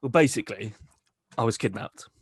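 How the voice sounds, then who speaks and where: A man co-hosting a comedy podcast, telling a crude, deadpan tall tale. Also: on the low side, fairly quick, breathy edge, dry recording, studio quality. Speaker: podcast co-host. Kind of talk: comic storytelling.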